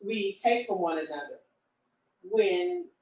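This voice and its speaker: A woman's voice: fairly high pitch, huge pitch swings, creaky, a little mellow. Reflective woman, roomy distant sound. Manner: reflective, halting with repeated words. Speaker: co-host. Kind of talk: relationship discussion. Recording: roomy echo from a distant mic.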